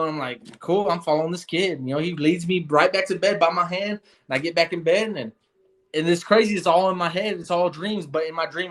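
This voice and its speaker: A young man telling his story in a casual interview, earnest and rambling, with many fillers and restarts. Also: a little high. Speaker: guest.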